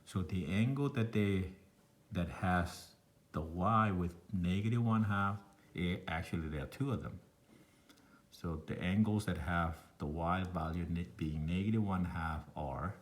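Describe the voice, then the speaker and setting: A man's voice: low-pitched, a little slow. A man from Laos with a thick Lao accent, a math teacher thinking aloud through a recorded online lesson with meandering, self-deprecating asides.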